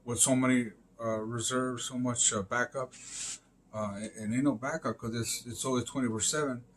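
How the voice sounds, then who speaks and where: A man's voice: medium pitch, steady tone, moderate pace, a bit bright, a little hiss or hum. A man rambling through a casual monologue on a live stream, full of fillers, swearing and emphatic interjections.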